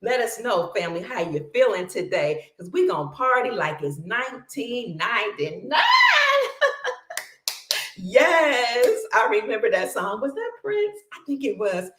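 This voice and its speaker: A woman's voice: a little high, sing-song, moderate pace, few pauses, a bit bright, echoey room. A woman hosting a casual livestream, exuberant, greeting viewers, breaking into song and laughing often. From Cleveland, Ohio. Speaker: livestream host.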